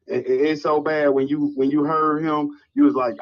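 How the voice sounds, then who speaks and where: A man's voice: a little high, flat delivery, moderate pace, muffled recording. A man co-hosting a casual talk show, chatting and responding to his partner. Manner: conversational, backchannels often.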